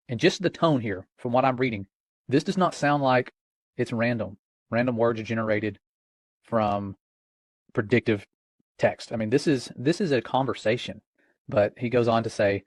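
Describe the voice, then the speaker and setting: A man's voice: medium pitch, moderate pace, no room sound. A man giving an earnest, cautionary religious talk in a conversational way.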